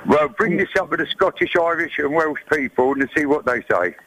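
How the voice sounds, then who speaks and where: A man's voice: a little high, brisk, background noise. A man calling a radio phone-in, arguing and rambling off his point. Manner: argumentative, rambling. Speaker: caller.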